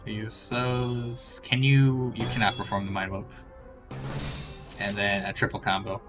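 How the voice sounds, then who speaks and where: A man's voice: fairly low pitch, little pitch movement, a little slow, music in the background. A man giving casual live commentary while playing a video game, thinking aloud as he goes. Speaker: game streamer.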